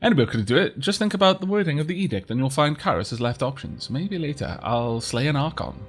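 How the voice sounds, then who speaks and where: A man's voice: medium pitch, sing-song, fast. A man commentating his game stream, rambling and chuckling as he reads chat aloud. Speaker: gaming streamer.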